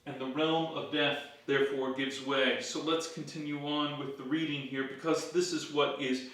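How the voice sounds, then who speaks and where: A man's voice: fairly high pitch, level tone, moderate pace, a bit bright. A man, a pastor leading a Bible study in a church, teaching emphatically and asking his listeners rhetorical questions. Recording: very echoey room, voice far from the mic.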